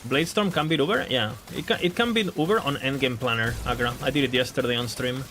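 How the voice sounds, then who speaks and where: A man's voice: mid-range voice, fast, fairly bright tone, a little hiss or hum. Casual man streaming, thinking aloud. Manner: thinks aloud, hedging, repeating words. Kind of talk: casual game stream chat.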